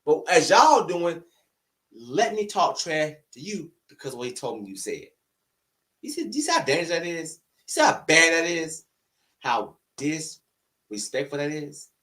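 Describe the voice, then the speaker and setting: A man with a high, swooping voice rants straight to camera in a heated, argumentative way. He fires off rhetorical questions one after another, and his pitch rises and falls widely as he pushes his point. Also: sing-song, a little slow, a bit bright, recorded from a distance. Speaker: online commentator. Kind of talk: heated opinion rant to camera. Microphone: camera-facing recording.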